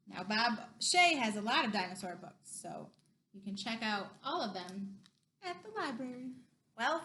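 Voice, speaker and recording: Woman librarian, children's story time, high lively voice, slow and clear, echoey room. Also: a little hiss or hum. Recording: roomy echo.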